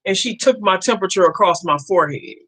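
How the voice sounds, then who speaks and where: A woman's voice: mid-range voice, animated, fast talker, a bit bright, husky. A woman, casually telling a story to her viewers, acting out the dialogue and laughing often. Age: 50s. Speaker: vlogger.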